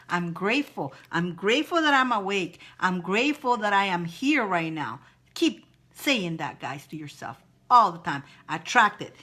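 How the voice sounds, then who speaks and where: Woman on a live stream, super expressive pitch, keeps repeating keep going, cheering viewers on. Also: normal speed. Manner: repetitive, encouraging, reads viewer comments aloud. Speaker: spiritual advice host. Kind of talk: live-stream motivational chat.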